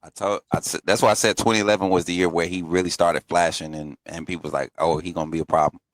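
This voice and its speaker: A man's voice: deep voice, fairly even intonation, fast talker, no echo. A man co-hosting a casual sports chat, laid-back and slangy, laughing often. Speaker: podcast co-host.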